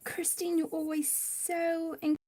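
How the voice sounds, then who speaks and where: A woman hosting a casual livestream, talking in a gentle, halting, effusive way. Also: extremely high pitch, monotone. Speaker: livestream host of an adult colouring channel.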